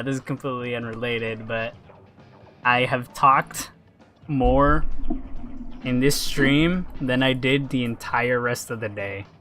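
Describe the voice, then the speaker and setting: A man chatting casually while streaming a video game, rambling and swearing, breaking into laughs and sudden excited yells. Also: mid-range voice. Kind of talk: casual live-stream chat while gaming.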